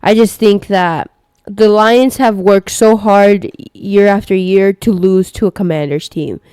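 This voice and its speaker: Smooth-voiced young woman chatting sports. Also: mid-range voice, unhurried, dark tone, dry recording. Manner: loose, slangy, lots of fillers. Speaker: podcast co-host. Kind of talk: casual sports chat.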